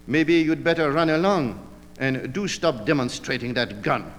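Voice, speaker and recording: A man's voice: mid-range voice, moderate pace, long reverb tail, lightly acted. A man doing a drawling drunk, effete and blustering. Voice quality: drawling, oddly feminine manner. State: drunk and rambling. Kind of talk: audiobook reading.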